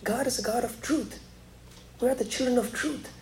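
A man preaching a sermon, dropping to hushed, slow lines and rising again for emphasis. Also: a little hiss or hum. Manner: preaching, swings between hushed lows and emphatic rises. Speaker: pastor.

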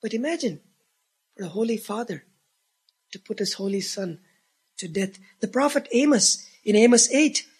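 A man preaching a sermon as pastor, earnest, swelling to emphatic peaks and dropping to hushed tones. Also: sits high, animated, moderate pace, pauses often, husky.

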